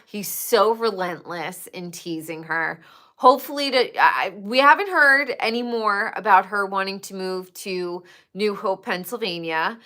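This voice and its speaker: Woman, livestream chat, bright edgy tone, gossipy, swears a lot. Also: mid-range voice, unhurried. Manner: chatty, profane, gossipy. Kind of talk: casual chat with viewers.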